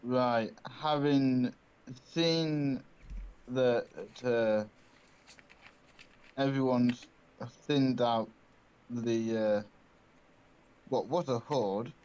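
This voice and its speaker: A man taking his turn at a tabletop game, thinking his actions through slowly with frequent pauses. His mid-pitched voice comes through a dull, lo-fi mic. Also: darkish tone, clean tone. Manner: deliberate and halting, full of pauses. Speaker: player.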